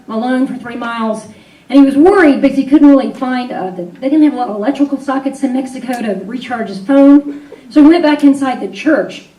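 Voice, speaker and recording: Her voice sits high with a dark tone. She hosts and tells stories on an arts-venue stage, recounting something personal live in a frank, conversational style laced with fillers. The hall sound is roomy, and she's heard from afar.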